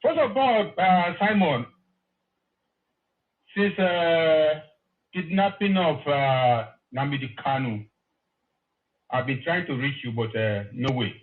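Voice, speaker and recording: A man's voice: a little high, takes it slowly, long pauses. A man calling in to a live show, earnest and effusive, repeating himself. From Nigeria. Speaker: caller. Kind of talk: phone call to a live show. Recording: tinny phone line.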